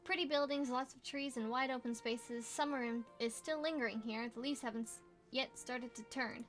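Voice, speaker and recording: A young woman reading a visual novel aloud as a gamer, playful, with quick asides and exclamations. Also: fairly high pitch, steady tone, a bit bright, faint music behind. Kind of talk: casual let's play reading with asides.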